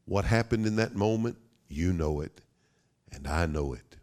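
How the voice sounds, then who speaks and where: A pastor delivers a sermon with a low voice and a dramatic delivery. He slows to stress key words and sometimes drops to a near whisper. His voice swings between intensity and hushed quiet. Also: expressive. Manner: dramatic, with sudden drops to a whisper and slowed emphasis.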